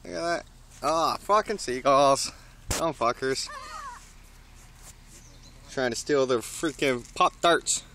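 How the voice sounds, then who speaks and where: A man casually filming outdoors, talking excitedly to birds and swearing often. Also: mid-range voice, takes it slowly, pauses often, a little hiss or hum. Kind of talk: casual vlog narration.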